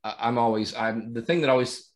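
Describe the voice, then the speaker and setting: A man on a casual sports podcast, giving his views haltingly and repeating words as he thinks. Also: medium pitch. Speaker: podcast co-host.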